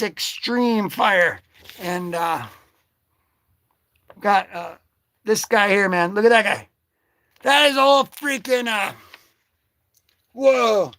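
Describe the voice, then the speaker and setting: An excitable man hosting a casual comic book vlog, joking and slangy as he talks through his comics. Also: very high-pitched, no echo, clean studio sound. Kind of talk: casual livestream commentary.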